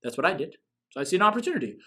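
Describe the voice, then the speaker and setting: A man's voice: high voice, sing-song, racing, sharp tone, husky. A man hosting a business coaching show, giving an emphatic motivational talk full of rhetorical questions.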